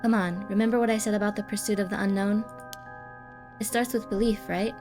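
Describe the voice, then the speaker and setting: A woman's voice: medium pitch, steady tone, brisk, music in the background, close to an everyday voice. A woman reading an eager occult fan. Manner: explaining, persuasive. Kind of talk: reading game dialogue aloud.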